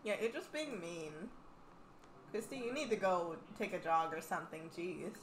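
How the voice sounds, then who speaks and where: A woman's voice: lowish voice, moderate pace, reverberant, a little hiss or hum. A young woman in casual gameplay commentary, chatting and teasing at the game characters as she plays. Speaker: gaming channel host.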